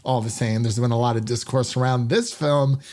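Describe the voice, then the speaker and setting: Man, podcast host, upbeat, chatty, casual conversation, mid-pitched voice. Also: steady tone, normal speed, darkish tone.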